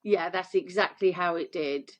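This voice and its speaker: A woman's voice: fairly low pitch, moderate pace, dull audio. A middle-aged woman, a guest telling her story in an interview and acting out the voices of the people in it. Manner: animated, acts out quoted voices.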